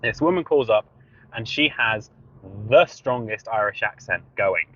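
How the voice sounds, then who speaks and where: A man co-hosting a podcast in casual chat, telling stories in an animated way and laughing often, recorded inside a car. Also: lowish voice, unhurried. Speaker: podcast co-host. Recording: dull lo-fi recording.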